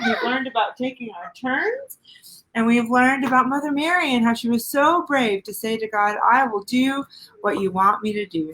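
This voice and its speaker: Woman pastor, middle-aged, slightly high voice; soft, sing-song picture-book reader who talks to children. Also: low-quality recording. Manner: gentle, sing-song storytelling with questions to children.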